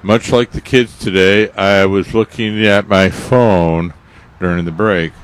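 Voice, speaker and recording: Slow, deep-voiced radio co-host. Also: male voice, steady tone. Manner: halting, many fillers and restarts. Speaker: radio gardening show co-host. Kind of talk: casual radio chat.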